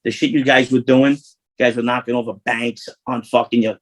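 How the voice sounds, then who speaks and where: A man's voice: mid-range voice, little pitch movement, fairly quick, rough recording. A man, an interview guest telling rambling, profane street stories full of restarts. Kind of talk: casual storytelling.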